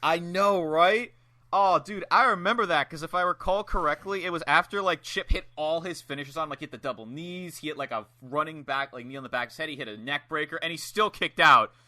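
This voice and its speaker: A young man co-hosting a podcast, chatting casually and excitedly about matches, swearing freely and acting out his own reactions. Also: a little high, brisk. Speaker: podcast co-host. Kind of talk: casual chat reviewing wrestling matches.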